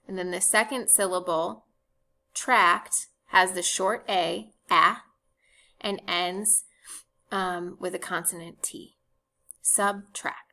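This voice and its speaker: A woman teacher giving a recorded phonics lesson, speaking clearly and spelling words out letter by letter. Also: lowish voice, steady tone, slow pace, pushed and bright.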